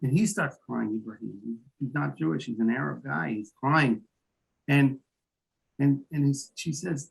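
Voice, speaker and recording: Gravelly male interview guest; halting storyteller who restarts often, mid-range pitch. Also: low-quality recording. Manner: halting, with many restarts and repeated words. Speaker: guest, founder of an emergency medical volunteer group.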